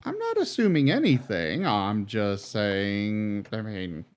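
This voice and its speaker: A man's voice: lowish voice, big pitch swings, slow. A man playing a game on stream, reacting aloud to it in a playful, casual way. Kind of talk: casual let's-play commentary.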